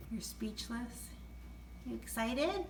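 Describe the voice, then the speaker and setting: A woman filming her parrot at home, talking to him in sing-song baby talk, cooing, gasping and laughing often. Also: on the high side. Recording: echoey room with faint noise.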